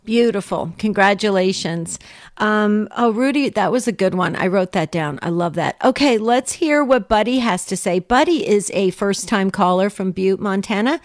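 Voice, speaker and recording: A bubbly woman co-hosts a call-in radio show, greeting callers and praising their jokes warmly. She laughs easily and gushes over each one. Her voice is close and dry, with no room sound. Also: medium pitch, animated, moderate pace, dry recording.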